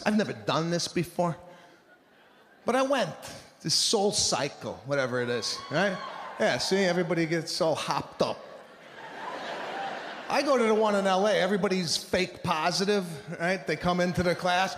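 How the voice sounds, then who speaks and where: Guy doing stand-up, high lively voice, exasperated rants, echoey hall. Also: moderate pace, noisy background. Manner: animated, exasperated storytelling with acted-out voices. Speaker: stand-up comedian. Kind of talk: stand-up comedy. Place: live comedy venue on stage. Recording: roomy hall echo, faint ambience.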